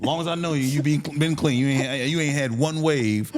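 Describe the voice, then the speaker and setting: A man in his fifties from Cleveland, telling stories as a guest in a casual conversation. He is animated, laughs often and acts out the voices of people he quotes. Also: fairly high pitch, normal speed, a little hiss or hum. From Cleveland, United States. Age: 50s.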